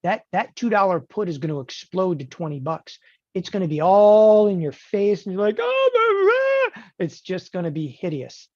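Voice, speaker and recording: A man teaching options trading in an animated lecture, emphatic and joking, often checking in with the listener. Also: high voice, moderate pace, dry recording. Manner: emphatic, joking, keeps asking "okay?". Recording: dull lo-fi dry recording.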